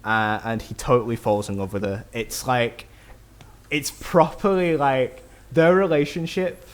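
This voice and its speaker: A man on a casual film podcast, recapping the plot in quick bursts with fillers. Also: medium pitch, fairly even intonation. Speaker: podcast host.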